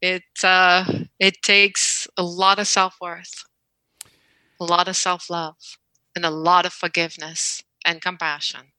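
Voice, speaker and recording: Bright, earnest woman telling her story. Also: fairly low pitch, little pitch movement, dry recording, poor audio. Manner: earnest, measured, slowing on key words. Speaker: podcast guest. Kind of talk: personal storytelling in an interview.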